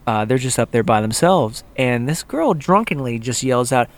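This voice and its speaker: Young guy on a podcast telling a story, does everyone's voices, mid pitch, chatty. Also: normal speed, no echo. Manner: animated, acts out quotes of others. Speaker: podcast co-host. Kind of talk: casual storytelling chat.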